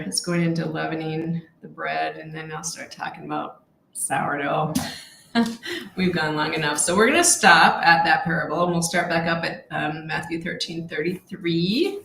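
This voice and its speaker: A woman leading a casual Bible study, talking in a heartfelt, halting way with many fillers and restarts. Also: low-pitched, creaky, a bit bright, reverberant, slight background noise, rough recording.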